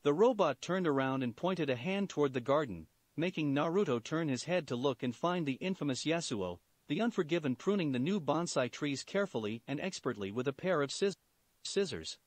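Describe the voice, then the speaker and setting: A man narrating a fan fiction story aloud in an animated, expressive way. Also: fairly high pitch, a little fast, no echo. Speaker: story reader.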